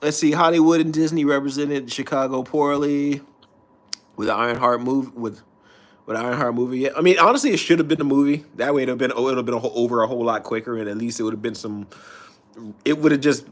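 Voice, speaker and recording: A man with a medium-pitched voice rants on stream at a quick pace. The casual rant is loose, profane and rambling, and he restarts his sentences often.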